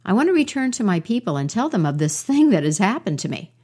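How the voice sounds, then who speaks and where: A woman's voice: medium pitch, very animated, quick pace, darkish tone, slightly rough. A woman voicing a small, timid male mouse who stammers in a storybook tale. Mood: awed.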